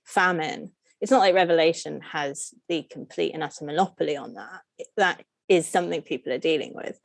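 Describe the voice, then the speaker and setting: A woman guest on a podcast with a lowish voice, explaining her field at length. She is animated and jumps high in pitch when amused. The sound is dry and close. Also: no room sound. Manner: asks strings of rhetorical questions. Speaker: guest scholar. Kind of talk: podcast interview.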